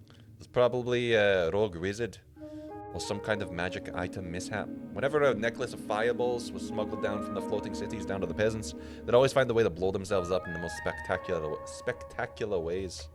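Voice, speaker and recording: Ancient boastful talking skull mage as a man puts him on, rambling, low voice, music under. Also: animated, fast talker. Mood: gleeful. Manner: rambling, gleeful, attempts an accent.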